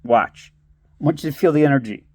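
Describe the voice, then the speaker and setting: A man's voice: fairly high pitch, a little fast, no room sound. A man vlogging in a casual storytelling monologue, giving blunt, streetwise advice and laughing often as he talks. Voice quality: laughs often while talking.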